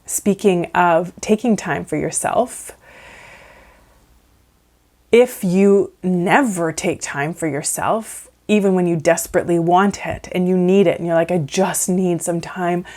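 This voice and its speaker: A woman with a fairly low voice talks through advice as a counsellor. Her delivery is casual and conversational. She often asks "right?" and leans on "like" as she goes. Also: unhurried, a little mellow. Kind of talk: casual advice talk to camera.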